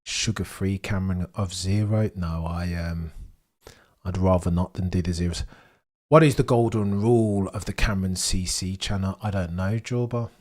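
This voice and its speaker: A young man hosts a live watchalong stream. He talks casually and excitedly to his chat, and his voice sits a little low. He jokes and riffs with the viewers as he goes. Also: moderate pace.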